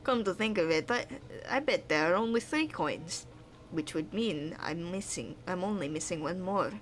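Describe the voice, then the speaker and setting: A woman voicing a determined young treasure-seeking adventurer, reading game lines aloud in a lower, quieter voice. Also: animated, normal speed, close to an everyday voice. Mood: puzzled. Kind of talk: voicing game dialogue on a stream.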